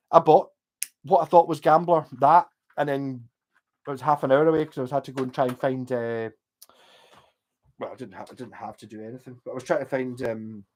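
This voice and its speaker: A Scottish man talks to his livestream audience in a relaxed, wandering way. He drifts from one thought to the next and drops swear words freely, sounding easygoing and unpolished. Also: mid-range voice. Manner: swears often, loose and digressive. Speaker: livestreamer chatting with viewers. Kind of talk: casual rambling chat.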